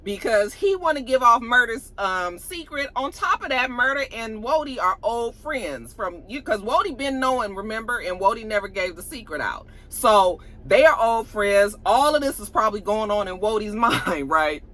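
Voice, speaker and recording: A woman's voice: on the high side, normal speed, hardly any pauses, poor audio. A woman casually recapping and reviewing a TV episode, telling it like a story with blunt, salty asides and opinions. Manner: animated storyteller who acts out the characters' lines.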